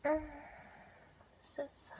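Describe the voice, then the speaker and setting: Slow whispering woman, whispered role-play. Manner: soft, slow, teasing whisper with breathy murmurs. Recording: dull lo-fi audio with faint background hiss.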